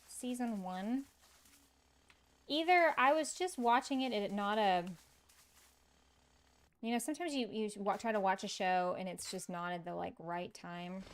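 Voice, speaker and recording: A woman's voice: medium pitch, slight background noise. A woman streaming a cozy game, chatting casually with her viewers and laughing often. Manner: chatty, laughs often, reads and answers chat. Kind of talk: casual gaming stream chat.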